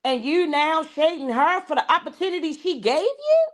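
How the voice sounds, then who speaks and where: Blunt woman host, lively swooping voice, a bit high, chatting with food in her mouth. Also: normal speed. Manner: blunt, animated, slangy and emphatic. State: eating while talking. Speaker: show host. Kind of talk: casual gossip commentary chat.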